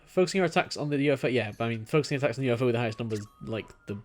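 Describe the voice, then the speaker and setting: A man commentating a puzzle game, chatting, laughing often and thinking out loud as he plays. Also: mid-range voice, racing. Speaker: gameplay commentator. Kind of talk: let's play commentary.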